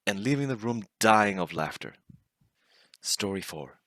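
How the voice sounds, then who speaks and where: A man's voice: on the low side, animated, unhurried, a bit bright, dry recording, studio quality. A man casually narrating funny stories and often laughing as he reads. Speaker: storyteller reading online stories.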